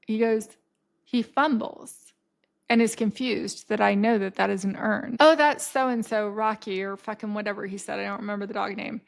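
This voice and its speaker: Gravelly woman telling a wild story. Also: medium pitch, normal speed. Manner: swears freely and acts out quotes in a vivid, animated way. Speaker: podcast guest. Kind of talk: casual storytelling.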